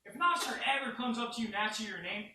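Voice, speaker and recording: A young man telling a class a personal story in an animated, profane way. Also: high-pitched, racing, a little hiss or hum. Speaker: student speaker. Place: university classroom. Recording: echoey classroom from far off.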